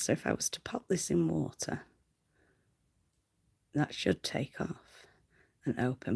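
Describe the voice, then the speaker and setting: Woman streamer, low and unhurried, giggles and whispers into a close mic. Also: expressive, gravelly, a little mellow, slightly rough. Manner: chatty, giggly, often whispering. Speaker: livestreamer. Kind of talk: casual livestream chat.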